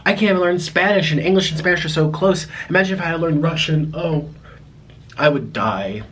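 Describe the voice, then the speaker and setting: A young American man talking casually to his viewers at home in a rambling, halting way, full of restarts. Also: fairly high pitch, a bit bright. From United States. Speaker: mukbang vlogger. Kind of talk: casual vlog monologue to viewers.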